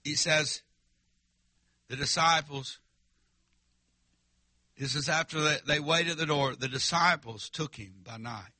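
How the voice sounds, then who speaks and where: A man's voice: on the high side, measured pace, pauses often, pushed and bright, dry recording. A male preacher, telling a story in a revival sermon in a folksy, emphatic way and calling out to the congregation.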